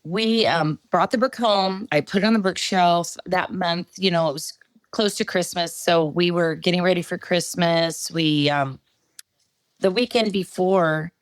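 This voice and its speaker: A middle-aged woman giving a personal testimony as a podcast guest, halting storytelling with many fillers. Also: lowish voice, no room sound.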